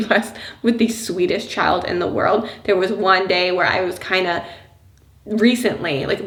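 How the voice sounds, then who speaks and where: Woman vlogger, mother of a young kid, casual and rambling with lots of fillers, middle pitch, echoey room. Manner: chatty and rambling, many "like" and "you know" fillers; laughs softly between thoughts. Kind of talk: casual personal vlog talk. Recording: roomy echo.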